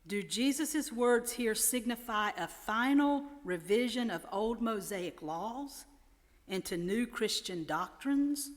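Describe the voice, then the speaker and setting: A woman pastor preaching a sermon in a measured way, lifting her voice to stress quoted words. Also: fairly high pitch, expressive. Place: large church sanctuary. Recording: long church reverb.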